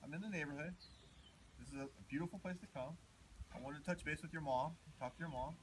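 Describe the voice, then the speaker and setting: A man's voice: a little high, fast, noisy background. A man working as a deputy, talking in a friendly, easygoing, conciliatory way. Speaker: sheriff's deputy.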